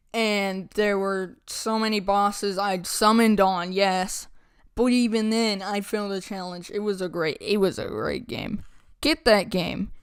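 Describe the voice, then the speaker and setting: A woman's voice: medium pitch, smooth, dry recording, studio quality. A woman rambling through a casual game recap, blunt and mocking, laughing between remarks, with a playful put-on country twang. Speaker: gaming channel host.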